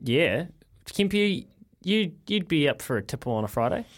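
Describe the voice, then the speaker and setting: A New man hosts a breakfast sports radio show in a slightly higher register. He banters and teases his co-hosts in casual chat. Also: big pitch swings, normal speed. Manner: laughing, teasing co-hosts.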